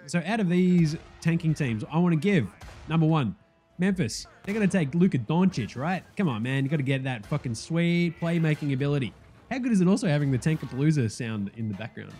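A young man hosts a casual sports chat, talking in a slightly high voice. He is excitable and swears freely, jumping from loud, eager outbursts to low, muttered asides. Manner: excitable, profane and joking, swings loud and soft. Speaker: podcast host.

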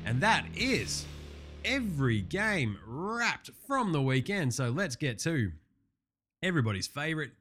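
A man runs through a sports recap in a casual, wisecracking way. He swears freely and stays brash throughout. His voice sits a little on the high side. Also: big pitch swings, a little slow, a bit bright, faint music behind. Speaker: podcast host.

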